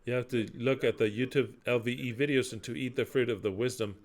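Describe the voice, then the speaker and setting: A male preacher with a mid-pitched voice delivers an impassioned sermon, reading scripture aloud and breaking off into sarcastic asides. He swears bluntly and swings between loud declamation and low, muttered remarks. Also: steady tone, a little fast.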